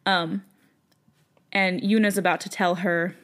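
A woman's voice: on the low side, little pitch movement, a bit bright. A woman co-hosting a podcast, chatting casually with many fillers and hesitant restarts. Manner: hesitant, uses fillers, quick agreement. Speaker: podcast co-host. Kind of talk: casual chat.

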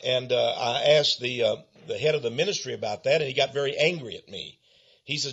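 Husky man hosting a talk show. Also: mid-range voice, a little fast, fairly bright tone, lo-fi sound. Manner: storytelling, hesitant fillers. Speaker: host. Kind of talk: podcast interview talk.

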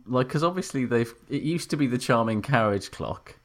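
A man's voice: medium pitch, animated, moderate pace. A man co-hosting a podcast, talking in a wry, rambling way and laughing often. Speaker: podcast co-host. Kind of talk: casual banter.

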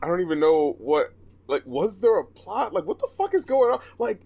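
A man's voice: high voice, wildly swooping pitch, moderate pace, vocal fry, darkish tone, muffled recording. A man co-hosting a casual album review podcast, laughing often and mocking the lyrics he quotes. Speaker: podcast co-host.

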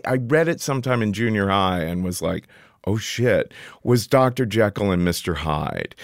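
Podcast guest, middle-aged man, low and very expressive, dry close mic. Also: no room sound. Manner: animated, jumps in pitch when quoting himself. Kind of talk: casual storytelling conversation.

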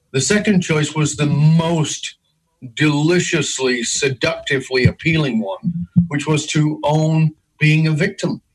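Emphatic man telling his story, husky. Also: low-quality recording. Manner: intense, emphatic storytelling with big pitch swings. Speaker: guest, leadership speaker. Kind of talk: storytelling interview.

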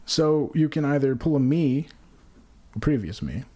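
A man of middling pitch rambles through crude, comic advice on a podcast. He talks in loose, run-on bursts and jumps between jokes as he goes. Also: expressive, measured pace, warm tone. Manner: rambling, acts out dialogue in sudden voices. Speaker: podcast co-host. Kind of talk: profane comedic banter.

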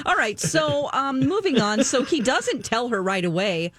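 A woman's voice: high-pitched, very animated, moderate pace, a bit bright. A woman in casual chat, sarcastically picking apart a movie and often laughing as she talks. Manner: sarcastic, laughs while ranting. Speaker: podcast co-host reviewing a movie.

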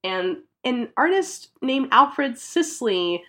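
A woman hosting a casual chat podcast, telling a story in an animated way and laughing now and then. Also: on the high side, slow pace. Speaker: podcast host.

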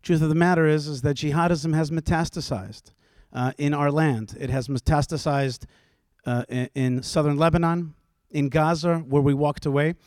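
A man speaking on a panel with a fairly high voice that rises as he presses his point. He is forceful and fires off rhetorical questions, often pausing on "uh". The sound is dry and close. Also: fairly even intonation, dry recording. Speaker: panelist, rabbi. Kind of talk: impassioned panel argument. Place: stage before a live audience.

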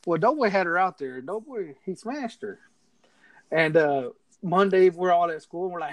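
A man's voice: high-pitched, animated, moderate pace, low-quality recording. A man casually telling a rowdy story to friends, laughing often and acting out what others said. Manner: laughs through his story, acts out friends' lines.

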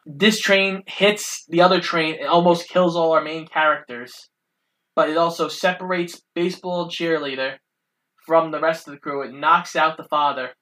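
A podcast co-host narrating a film's plot in a steady, matter-of-fact way. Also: mid-range voice, normal speed, low-quality recording.

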